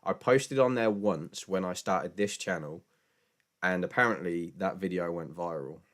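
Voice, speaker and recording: A man's voice: sits low, moderate pace, fairly bright tone. A British man hosting a casual live stream Q&A, chatty and laughing often, with stammering restarts and jokey mock voices when quoting people. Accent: British English. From Britain.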